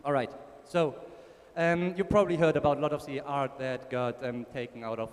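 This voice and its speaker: A man's voice: mid-range voice, steady tone, normal speed. A man with a German accent giving a casual conference talk, joking with the audience. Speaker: conference speaker. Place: conference ballroom. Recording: long hall reverb.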